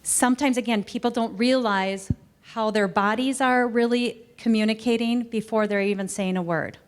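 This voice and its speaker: A middle-aged woman speaks to camera in a customer service training session, her voice sitting a little above the usual for a woman. She talks in a loose, conversational way and gets animated whenever she acts out what staff or customers say. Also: fairly high pitch, moderate pace. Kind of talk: training presentation. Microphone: recorded to camera.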